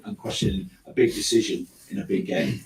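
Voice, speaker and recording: A man working as a journalist, asking questions at a press conference in a quiet, conversational way. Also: fairly quick. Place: press room. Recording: roomy distant mic with faint noise.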